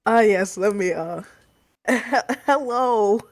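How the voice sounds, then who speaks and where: A woman's voice: mid-range voice, slow. A woman playing a tabletop role-playing game, talking casually and a bit hesitantly. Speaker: player.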